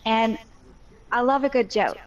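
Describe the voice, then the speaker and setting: A woman's voice: on the high side, a little slow, highs cut off. A mother telling her story in a casual voice chat, candid and talkative with a joking streak.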